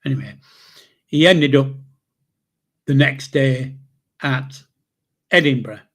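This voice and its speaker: A man, telling old memories in a rambling, halting way with chuckles. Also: mid-range voice, fairly bright tone. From England. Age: 70s. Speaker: channel host, grandfather. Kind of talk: casual spoken memoir storytelling.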